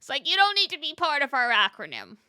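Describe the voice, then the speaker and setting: A woman's voice: high-pitched, wildly swooping pitch, fast, pushed and bright, no room sound. A woman game streamer in casual chat, talking to her viewers, laughing often and answering chat as she plays.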